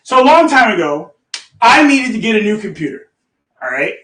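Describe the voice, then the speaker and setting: A man hosting a casual storytelling session for his community. He is animated, laughs often, swears, and keeps checking in with "okay?". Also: high voice, moderate pace, reverberant, far from the mic. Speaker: host.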